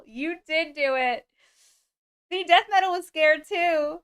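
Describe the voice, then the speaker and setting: A young woman hosting a casual livestream, chatty and excitable with her viewers and swearing freely. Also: extremely high pitch, slow pace, dry recording, studio quality. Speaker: livestream host.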